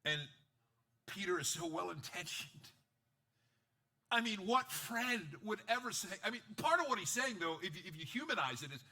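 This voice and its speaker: A man preaching a sermon, his voice bright and forceful. He is animated, acts out the lines he quotes and jokes with his listeners. He drops to near-whispered asides, then breaks into loud bursts. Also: sits high, moderate pace. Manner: wide swings from quiet asides to loud bursts. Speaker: pastor.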